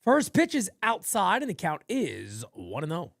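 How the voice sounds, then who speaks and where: A man hosting a casual live fan play-by-play, rambling and swearing between pitches. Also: wildly swooping pitch, measured pace, gravelly, a bit bright, no echo. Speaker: play-by-play host of a fan channel.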